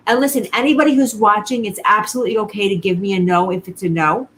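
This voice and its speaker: Earnest woman medium, soft hiss behind. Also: medium pitch, quick pace, low-quality recording. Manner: earnest, reassuring, repeats phrases. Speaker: psychic medium. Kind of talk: live-streamed reading, casual talk to viewers.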